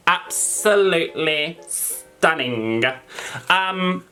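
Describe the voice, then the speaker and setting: An Australian man chatting excitedly to camera as a makeup vlogger, gushing over products. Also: a little high, moderate pace, soft background music. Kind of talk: casual chat to camera.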